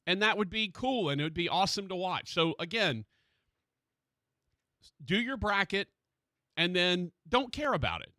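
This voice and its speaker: A man hosting a sports radio show in a studio, chatting casually and excitedly about college basketball. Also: high-pitched, moderate pace, pauses often, no room sound.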